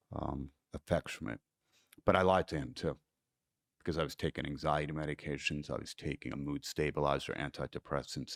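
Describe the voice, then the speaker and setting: A man's voice: extremely low pitch, creaky, dry recording, clean studio sound. A middle-aged American man, a podcast guest, telling a personal story in an earnest, emotional way. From United States.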